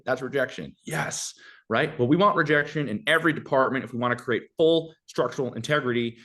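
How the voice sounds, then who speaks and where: A young adult man giving casual conversational advice as a podcast guest, animated and acting out little dialogues in shifting voices. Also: mid-range voice, fairly quick.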